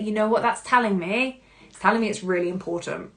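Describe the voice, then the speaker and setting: A woman hosting a podcast, giving an expressive self-help monologue and often breaking into laughter. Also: medium pitch, a little fast. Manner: expressive, laughs often, acts out her own inner voice. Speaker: podcast host.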